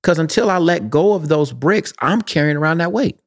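A man co-hosting a podcast, speaking slowly and softly and thinking things through, close to the microphone. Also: on the high side, expressive. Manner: slow, soft-spoken, reflective, close to the mic. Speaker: podcast co-host. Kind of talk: casual podcast chat. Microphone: close to the mic.

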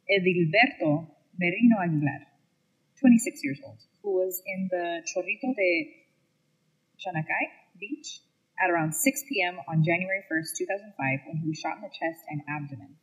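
A woman's voice: fairly low pitch, animated, normal speed, slightly rough, low-quality recording. A woman co-hosting a true crime podcast, switching between casual banter and reading case facts, often laughing and stumbling over names.

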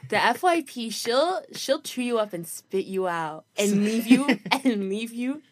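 Woman, podcast co-host, bubbly, laughing storyteller, high voice, dry close sound. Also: animated, unhurried, no echo. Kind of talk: late-night casual chat. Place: walk-in closet at night.

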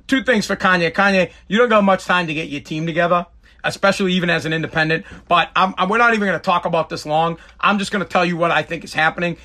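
A man's voice: high-pitched, sharp tone. A middle-aged man, hosting a podcast in a blunt, emphatic casual monologue that repeats points for effect. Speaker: podcast host.

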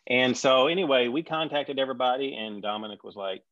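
A middle-aged man telling a story in conversation, animated, acting out the people he quotes. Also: medium pitch, brisk, no room sound. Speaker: guest recalling a reality show reunion. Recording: dry, slightly dull sound.

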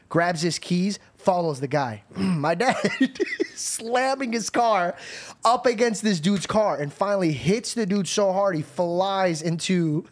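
A young man hosting a podcast, telling a family story in a laughing, animated, swearing way. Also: sits high, unhurried. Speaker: podcast host. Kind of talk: casual storytelling chat.

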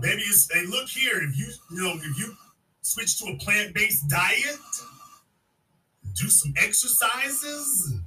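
Sounding far from the microphone, a man hosting a call-in show talks over a female caller, mocking and insulting her. His voice is high, pushed and bright, with slight background noise.

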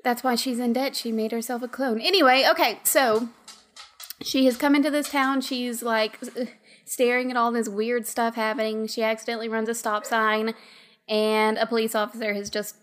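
A woman's voice: a little high, brisk. Giggly woman narrating a role-play. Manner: giggly, animated. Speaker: player.

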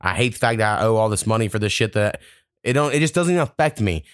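A man's voice: fairly low pitch, expressive, fast talker, clear, resonant tone, no echo, clean studio sound. A young man, hosting a casual podcast and telling long, profane, rambling stories. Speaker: podcast host.

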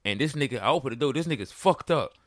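A man's voice: mid-range voice, quick pace, dry recording, clean studio sound. A man on a podcast telling a long story in casual chat, acting out what others said. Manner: animated storyteller, acts out quoted lines. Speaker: podcast co-host.

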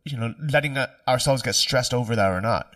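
A man's voice: medium pitch, a little fast, a bit bright, no room sound, studio quality, distant mic. A man hosting a podcast interview, asking curious questions in a casual, filler-heavy way. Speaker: podcast host.

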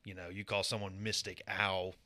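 Low, bright-toned young man explaining. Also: little pitch movement, moderate pace. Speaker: podcast co-host presenting a segment. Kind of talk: casual explanatory chat.

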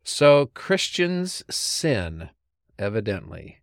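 A man, a pastor and podcast host, chatting casually and thinking out loud as he tells stories. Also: lowish voice, big pitch swings, extremely slow, creaky, no room sound, clean studio sound. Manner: storytelling, thinks out loud with restarts. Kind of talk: casual theological chat.

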